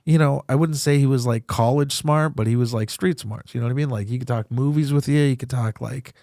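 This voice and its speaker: A man's voice: mid-range voice, a little fast, dark tone, dry recording, studio quality. A young man, a comedian and podcast host, talking candidly and profanely about grief, rambling and laughing through it. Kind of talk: candid casual talk.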